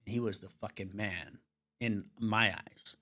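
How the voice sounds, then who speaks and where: A man's voice: lowish voice, slow. Middle-aged man from California, candid storyteller, curses casually, voices the other people in his story as he goes. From Venice, California. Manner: swears freely, acts out quoted dialogue with lively shifts. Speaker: surf commentator, interview guest.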